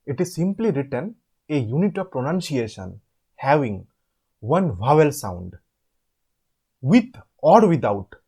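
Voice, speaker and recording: A man explaining an assignment step by step. He asks questions and answers them himself, and repeats words slowly to show how they are said. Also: mid-range voice, a little mellow, slightly rough. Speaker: online tutor.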